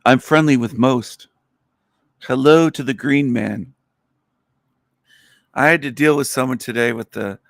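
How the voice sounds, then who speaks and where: A man's voice: mid-range voice, vocal fry, dry recording, clean studio sound. A middle-aged man hosting a livestream, talking in a blunt, crude, rambling and opinionated way. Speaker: livestream host. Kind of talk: casual rambling livestream monologue.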